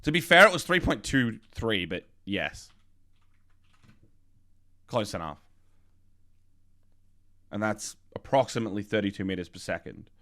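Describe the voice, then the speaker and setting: A man's voice: lowish voice, expressive, measured pace, long pauses, sharp tone. Joking male game streamer. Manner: joking, swears casually. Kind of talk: game playthrough with voiced dialogue.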